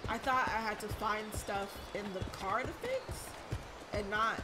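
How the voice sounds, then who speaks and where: A woman's voice: mid-range voice, unhurried, over loud music. A young woman streaming a game from home, chatting casually and rambling with lots of fillers. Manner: chatty, bubbly, rambling with many likes and ums. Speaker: gaming streamer. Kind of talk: casual let's-play commentary. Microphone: desk mic with webcam.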